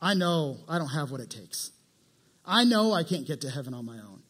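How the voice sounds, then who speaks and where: Man doing a humble tax collector, quiet, contrite, pleading, high voice. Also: very animated, normal speed, slightly rough, exaggerated voice.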